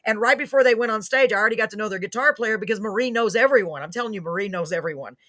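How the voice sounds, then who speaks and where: A woman's voice: medium pitch, racing, a bit bright, no echo, clean studio sound. A woman hosting a live music show, chatting casually, gushing and laughing often as she rambles. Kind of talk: casual live-stream chat.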